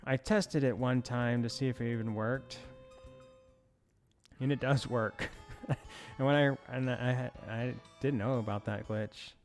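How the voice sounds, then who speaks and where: Guy chatting thru a farming game, rambly and self-amused, quiet music under it. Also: medium pitch, fairly even intonation, a little slow. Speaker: let's play host. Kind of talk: casual gameplay commentary.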